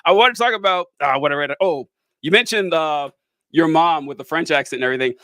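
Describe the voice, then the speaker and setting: A man's voice: a little high, quick pace, bright, forceful tone, no room sound. A man from the American South hosting a casual chat, rambling and restarting sentences, laughing often. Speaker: podcast host.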